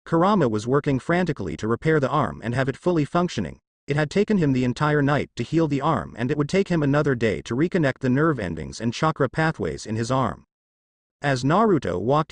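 A man narrating a fanfiction story as an audiobook with steady reading. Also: medium pitch, no room sound.

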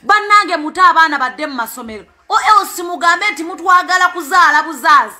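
Ugandan woman, mother, passionate plea; very high, bright voice; repeats words for emphasis. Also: lively intonation, a little fast. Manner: emphatic, repeats words, switches between two languages. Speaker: parent speaking out. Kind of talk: impassioned spoken appeal.

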